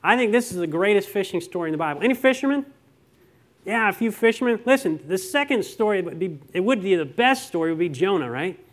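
A man with a fairly high voice preaches to his congregation in a loose, conversational way. He keeps asking the room questions and tells homey stories between verses. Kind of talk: sermon.

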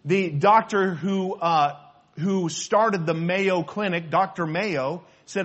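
A man's voice: high voice, takes it slowly, fairly bright tone. A pastor preaching a sermon, earnest and repetitive, quoting scripture between his own points. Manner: earnest preaching, repeats phrases, quotes scripture.

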